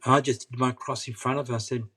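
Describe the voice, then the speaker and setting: A man's voice: medium pitch, flat delivery, quick pace, a bit bright, slightly rough. A middle-aged man, an interview guest, telling a personal story earnestly and often repeating himself. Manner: earnest, persistent, repeats phrases.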